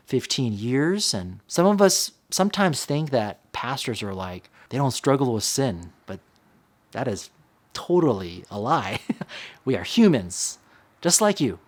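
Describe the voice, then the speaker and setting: Searching for the right words, a thirties-aged male pastor repeats himself often while confessing something personal in an earnest, faltering way. His voice falls in the mid range.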